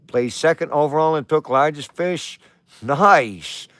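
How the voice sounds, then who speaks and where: A man hosting a casual livestream from outdoors at home, chatting with viewers and cooing softly to his dogs. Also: a little high, lively intonation, unhurried, no echo. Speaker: livestream host. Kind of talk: casual live chat.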